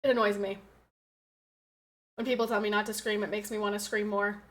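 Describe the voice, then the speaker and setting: A young pregnant woman streaming, chatting with her viewers in a loud, excitable, fast-talking way. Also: mid-range voice. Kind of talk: casual chat with live viewers.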